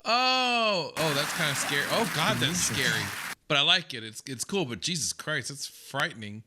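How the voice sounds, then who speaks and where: A man's voice: fairly high pitch, lively intonation, moderate pace, background noise. An American man hosting a reaction video, reacting with enthusiastic exclamations and chatty asides to his viewers. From United States. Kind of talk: casual reaction commentary.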